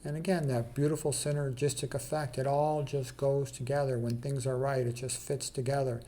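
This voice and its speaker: A man's voice: medium pitch, level tone, moderate pace, mellow. A man walks through a slideshow of paintings in a loose, conversational way. He speaks bluntly and with emphasis, often saying "okay" and "you know" as he moves on. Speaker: presenter of an art slideshow. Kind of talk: casual commentary on a slideshow.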